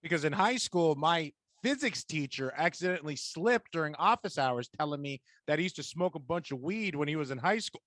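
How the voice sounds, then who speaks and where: Lively young man hosting a podcast. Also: on the high side, brisk, hardly any pauses, dry recording. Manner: animated, laughs often, storytelling with quoted voices. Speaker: podcast host. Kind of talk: casual chat.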